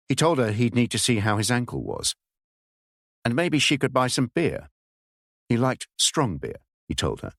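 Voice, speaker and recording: A man narrating an audiobook in a measured, expressive storytelling style. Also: mid-range voice, creaky, dry recording, studio quality.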